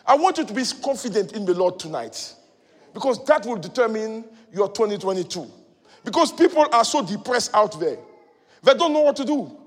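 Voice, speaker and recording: A male preacher giving a sermon, moving between loud shouted exhortation and quiet teaching. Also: high voice, sing-song, moderate pace. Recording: long hall reverb.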